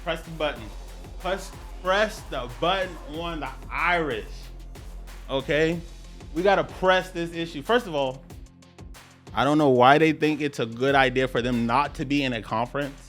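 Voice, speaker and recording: A man with a New Orleans accent hosting a casual sports podcast, rambling and repeating himself, with sudden animated outbursts. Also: fairly high pitch, moderate pace, soft background music. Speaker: podcast host.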